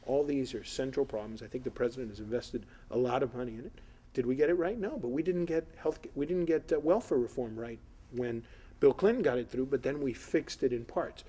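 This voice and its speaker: Speaking briskly in a mellow, medium-pitched voice with a breathy edge, this middle-aged South Florida man is a political candidate facing an editorial board. He rambles through his answers, restarting often and leaning on fillers.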